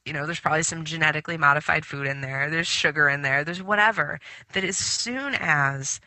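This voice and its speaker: Woman, spiritual radio host; very bright tone, dry close sound, chatty rambling delivery with lots of fillers. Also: low-pitched, a little fast, no room sound. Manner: rambling storytelling with many fillers. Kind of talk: spiritual talk radio monologue.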